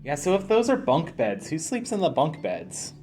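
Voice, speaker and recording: A man's voice: on the high side, big pitch swings, moderate pace, darkish tone, soft background music. A man giving rambling, self-deprecating commentary while playing a video game. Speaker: let's play commentator.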